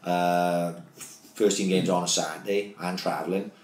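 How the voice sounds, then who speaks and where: A man's voice: low-pitched, steady tone, normal speed, darkish tone. A Welsh man, a former footballer, telling sweary stories in a casual podcast chat. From Wales. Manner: loose storytelling, heavy swearing. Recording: roomy echo.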